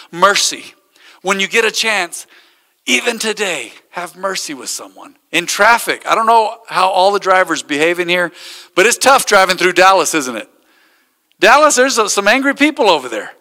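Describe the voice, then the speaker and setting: A man's voice: high-pitched, sharp tone, in a large hall. A man, a pastor, preaching a sermon and telling stories with acted-out quotes. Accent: American.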